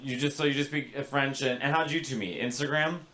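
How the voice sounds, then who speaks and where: A man's voice: medium pitch, fairly even intonation, fairly quick, sharp tone. A man doing stand-up crowd work, teasing audience members and slipping into Italian and French. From Sicilian-Italian family, New York. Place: comedy club stage.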